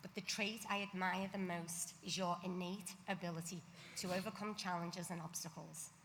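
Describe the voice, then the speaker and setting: A woman speaks as a loving mother at a ceremony, tender and affectionate. Her voice is a little low for a woman. It echoes through a large sanctuary with faint noise behind. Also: steady tone, normal speed, creaky, fairly bright tone. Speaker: mother of the bat mitzvah girl. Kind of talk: parent's speech read at a ceremony. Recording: reverberant hall, faint background noise.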